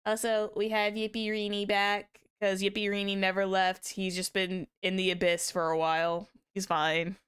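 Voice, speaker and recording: Woman, streamer, casual rambling chat, mid pitch, very smooth clear voice. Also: flat delivery, normal speed, few pauses, fairly bright tone. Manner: chatty, rambling with many restarts and laughs. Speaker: VTuber streamer.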